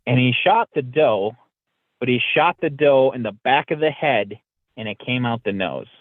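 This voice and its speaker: A man's voice: medium pitch, moderate pace, dry recording. A man, a podcast guest, telling a story in a casual way and acting out the lines he quotes. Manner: lively retelling that acts out quoted lines. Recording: dry, tinny phone-like line.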